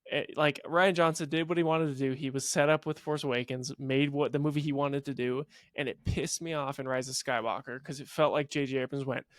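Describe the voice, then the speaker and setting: A man co-hosting a podcast in casual chat, excitable and swearing freely. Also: mid-range voice, brisk, hardly any pauses, no echo, clean studio sound. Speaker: podcast co-host.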